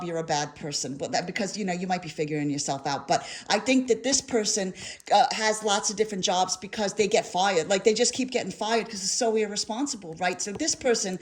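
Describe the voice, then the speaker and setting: A middle-aged woman with a New York accent giving a casual tarot reading, animated and rambling, swearing and breaking into asides. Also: medium pitch. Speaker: tarot reader.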